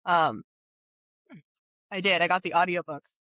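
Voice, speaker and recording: A woman co-hosting a book podcast in casual chat, giggling often and speeding up when excited. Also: on the low side, unhurried, no room sound. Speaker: podcast co-host. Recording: slightly dull lo-fi audio.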